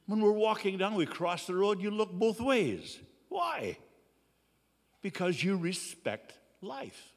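A man preaching a sermon, earnest and slow, with dramatic pauses. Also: high-pitched, big pitch swings, long reverb tail. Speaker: pastor.

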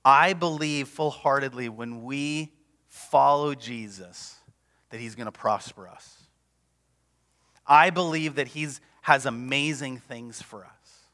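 A man preaching a sermon as pastor, passionate and emphatic, sometimes dropping to a hush. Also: medium pitch, slow pace. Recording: long reverb of a large hall.

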